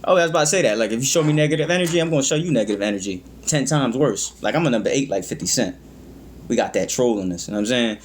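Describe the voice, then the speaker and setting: Male reaction host, medium pitch, casual and rambling, stumbles on words. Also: animated, very fast, slight background noise. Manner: rambling, fumbles words, many "you know what I mean".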